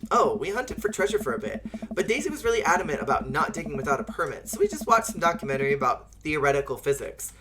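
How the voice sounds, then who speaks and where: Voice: mid-range voice, big pitch swings, quick pace, heavy background noise, close to an everyday voice. Streamer reading an awkward earnest dad. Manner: sheepish, self-deprecating. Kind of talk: reading game dialogue aloud.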